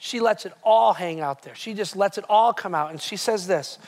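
A male pastor delivering a sermon to a live congregation, retelling scripture in a lively, conversational way with frequent restarts. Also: high voice, moderate pace. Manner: animated, conversational storytelling with many restarts. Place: church hall with live congregation.

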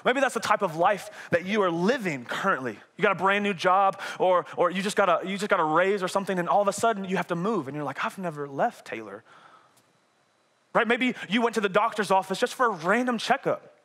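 A man in his twenties with a North Carolina accent, a youth pastor preaching an energetic, conversational sermon and often asking "right?". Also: high-pitched, fast. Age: 20s.

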